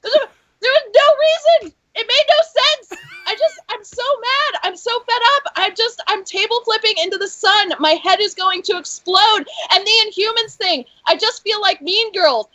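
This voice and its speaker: A woman on a comics podcast ranting loudly with exaggerated outrage. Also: very high-pitched, normal speed, dry recording, muffled recording. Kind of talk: mock-furious casual rant.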